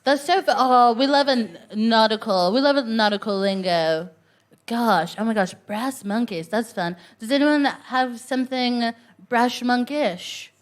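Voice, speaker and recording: A woman hosting a stand-up show, doing animated crowd work with plenty of laughter. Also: fairly high pitch, a little slow. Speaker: comedy host. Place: comedy club stage.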